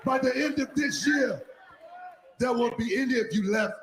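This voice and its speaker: A man playing a wrestling villain, shouting slow threats in a put-on foreign accent from an arena promo. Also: very high voice, pitched above the performer's own voice. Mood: menacing. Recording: echoey arena with loud crowd and noise.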